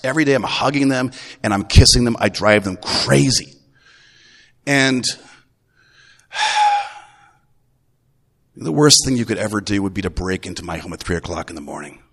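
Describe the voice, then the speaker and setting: A middle-aged man, a grandfather, preaching a Sunday sermon in a relaxed, folksy way, full of restarts. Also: mid-range voice, normal speed, long pauses. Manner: conversational, folksy, with repeated restarts. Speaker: pastor. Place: church. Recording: long reverb of a church hall.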